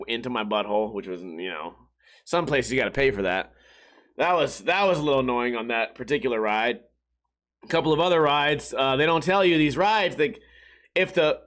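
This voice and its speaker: A young man with a voice on the high side and a bit bright hosts a podcast. He tells casual stories on his own, swearing constantly and chuckling at his own jokes.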